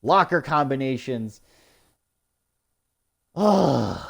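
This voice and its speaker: A man's voice: mid-range voice, animated, very slow, gravelly. A young man ranting in post-game commentary, swearing often and mocking the story with sarcastic put-on quotes. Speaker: gaming YouTuber.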